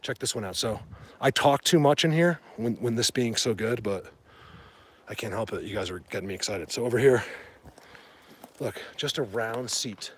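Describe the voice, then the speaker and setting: Man, livestream host, rambling and excitable, walking outdoors, phone mic, faint background noise. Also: mid-range voice, moderate pace. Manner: rambling, excitable, addresses viewers. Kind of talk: casual livestream chat. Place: outdoors in woods during rain. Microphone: handheld phone.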